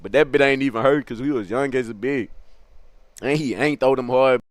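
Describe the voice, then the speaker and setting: A man's voice: medium pitch, brisk, no echo. A man telling a funny story in rambling, slang-heavy casual talk, often laughing at his own story.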